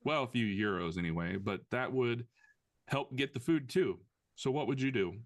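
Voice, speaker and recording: A man's voice: medium pitch, moderate pace, dry recording. A man co-hosting a podcast in casual chat, joking dryly and reading listener questions aloud. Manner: dry, joking. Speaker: podcast co-host.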